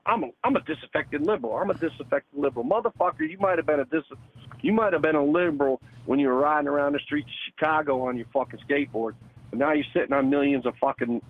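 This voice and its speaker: A caller with a fairly high voice rants heatedly into a call-in show over a thin phone line that makes him sound narrow and tinny. He swears constantly, repeats the same points over and over, and ends nearly every phrase with "man" or "dude."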